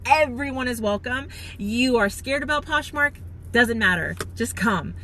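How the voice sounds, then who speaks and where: A woman gushes to her viewers on a phone live stream, her voice bright and slightly high. She rambles warmly through fillers, sounding close to tears as she thanks people. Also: lively intonation, measured pace, slight background noise. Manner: gushing, heartfelt, chatty with many fillers. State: near tears. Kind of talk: emotional live-stream chat.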